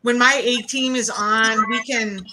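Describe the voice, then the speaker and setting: A woman hosting a podcast, speaking casually and haltingly with restarts. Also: on the high side, fairly even intonation, noisy background. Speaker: podcast host. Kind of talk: casual interview chat.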